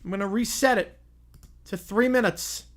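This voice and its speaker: A man's voice: high-pitched, moderate pace. Rambling male live streamer. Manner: rambling, repeats himself. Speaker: streamer host. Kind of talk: casual live-stream chat.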